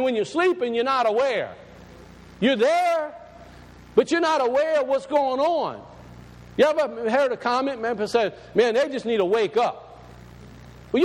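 A man's voice: very high-pitched, long reverb tail, poor audio. A man, a pastor, preaching a sermon in a folksy, plain-spoken and emphatic way.

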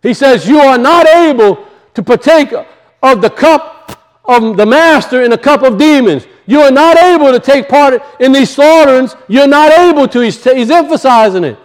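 A male pastor preaching a conversational sermon, acting out little voices and dropping low for asides. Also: animated, moderate pace.

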